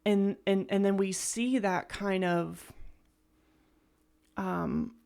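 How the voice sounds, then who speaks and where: A woman hosting a casual first-listen music reaction, gushing and soft-spoken, often stopping and restarting her sentences. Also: mid-range voice, steady tone, drawn-out words, gravelly.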